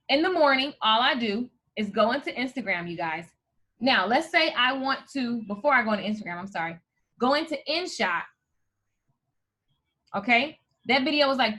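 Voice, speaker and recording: A woman host, teaching viewers in an energetic live video tutorial. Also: high-pitched. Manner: energetic, hyped, addresses viewers as "you guys". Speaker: host and coach.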